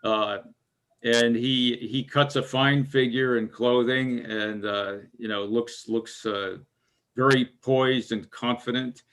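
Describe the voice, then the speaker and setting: A man in a book discussion, summarizing the plot hesitantly with many pauses but using literary phrasing. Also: mid-range voice, steady tone, a bit bright.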